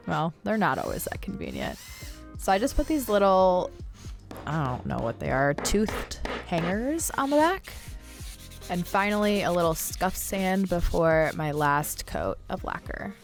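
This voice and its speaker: Woman woodworker, low voice, wry chatty voice-over, soft music under it. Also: very animated, measured pace, creaky. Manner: wry and chatty, with dry jokes. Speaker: woodworker and channel host. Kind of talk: casual voice-over narration.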